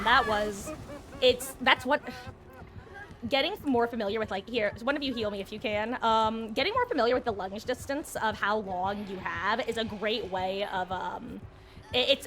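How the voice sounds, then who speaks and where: A woman with a fairly high, slightly bright voice streams a multiplayer game. She chats casually with viewers and teammates, laughing often as she comments on the gameplay.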